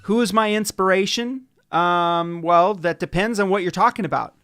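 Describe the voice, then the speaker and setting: A man's voice: high-pitched, normal speed, fairly bright tone. A man giving a casual, rambling guitar lesson on a home livestream, chatting with viewers by name. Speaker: guitar teacher. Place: home room, dim lighting. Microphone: livestream setup. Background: guitar playing.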